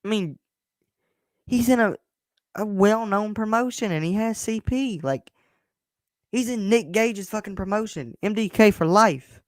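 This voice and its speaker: A man's voice: high-pitched, unhurried, long pauses, no room sound, studio quality. A young man hosting his own show, talking in a blunt, emphatic way, swearing freely and often restarting his words. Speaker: host. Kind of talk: casual personal monologue.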